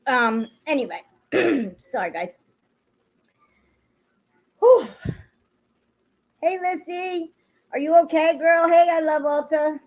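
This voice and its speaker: A woman's voice: high-pitched, animated, slow pace, long pauses. A woman hosting a casual livestream, greeting viewers by name and venting bluntly with plenty of swearing. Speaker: livestream host. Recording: dull lo-fi stream audio.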